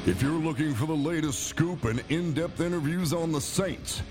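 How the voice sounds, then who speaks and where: A man's voice: fairly high pitch, moderate pace. A man reading a scripted promo voice-over as the show's announcer, with a punchy promotional delivery. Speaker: show announcer. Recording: voice over guitar music bed. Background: guitar music.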